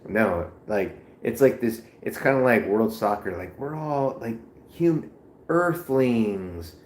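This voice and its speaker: A man's voice: on the low side, lively intonation, slow pace, reverberant. A man live streaming in casual chat, rambling and profane, full of slang.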